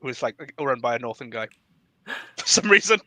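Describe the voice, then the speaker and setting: A male podcast host with a bright, forward voice, recorded close and dry with no room sound. He chats casually about politics, animated and laughing easily, his pitch leaping up whenever he jokes. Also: moderate pace, dry recording. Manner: animated, laughs often, jumps up in pitch when joking.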